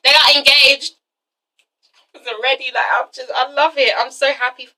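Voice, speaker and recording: A young woman reviewing a TV episode in an excited, casual vlog, gushing and swearing as she tells the story. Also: sits high, quick pace, far from the mic, rough recording. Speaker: TV show reviewer.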